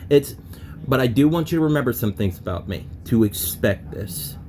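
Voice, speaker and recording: A man's voice: medium pitch, animated, normal speed, a little mellow, a little hiss or hum. Eager man repeating back his lesson. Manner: eager, talks things through, repeats back to check. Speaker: language student. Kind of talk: casual online lesson.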